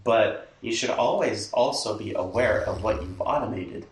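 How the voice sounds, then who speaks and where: Pastor talking in a roomy space. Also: male voice, on the low side, moderate pace. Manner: lively, acts out quoted inner talk, laughs often. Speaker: lead pastor. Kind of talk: casual chat. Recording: roomy sound from a distant mic.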